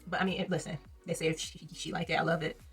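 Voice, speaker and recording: A woman's voice: low voice, little pitch movement, fast talker, faint music behind. A woman giving a blunt, sassy, exasperated commentary as she reviews a reality TV episode in a casual vlog.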